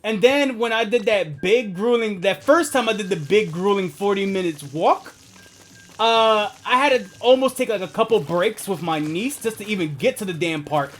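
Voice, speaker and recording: A young, asthmatic man streams a video game, chatting in a rambling, profane way and laughing often. His voice is high with a fairly bright tone, and there's a little hiss or hum.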